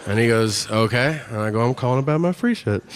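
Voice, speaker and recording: A man's voice: lively intonation, fast. A middle-aged man doing a stand-up comedy set, profane, acting out both sides of conversations. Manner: profane, acts out both sides of dialogues with low voices. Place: comedy venue stage. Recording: live stage set with long reverb and faint room noise.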